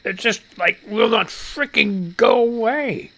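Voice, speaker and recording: A man's voice: high voice, expressive, slow, vocal fry, sharp tone. Guy hosting a live stream, rambly and salty, voice jumps all over, kinda winded. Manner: rambling, salty, self-mocking. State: short of breath. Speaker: live show host. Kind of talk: casual live-stream chat.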